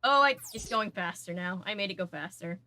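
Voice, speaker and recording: A woman's voice: mid-range voice, lively intonation, a little fast, sharp tone, slight background noise. A young woman chatting casually to her viewers while she plays a video game, talking back to the game as she goes. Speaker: game streamer. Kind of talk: casual gameplay commentary.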